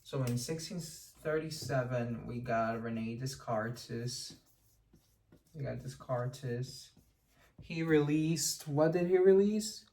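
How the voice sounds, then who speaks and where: A man's voice: mid-range voice, takes it slowly, hardly any pauses, dark tone. A man hosting a casual explanatory history lesson, chatty and digressive, who breaks off for joking asides and corrects himself as he goes. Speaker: history lecturer and channel host.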